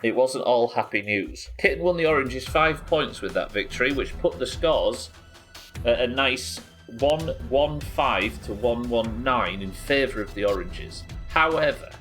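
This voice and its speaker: A man's voice: medium pitch, lively intonation, measured pace, fairly bright tone, faint music behind. A man, chatting casually as he streams a video game live. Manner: casual, chatty, laughs often. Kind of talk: live gameplay commentary.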